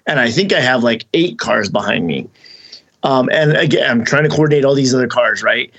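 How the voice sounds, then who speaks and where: A man hosting a podcast, telling a long story in casual chat, rambling and animated, acting out the voices of the people he quotes. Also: medium pitch, fairly quick, slightly rough, lo-fi sound. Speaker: podcast host.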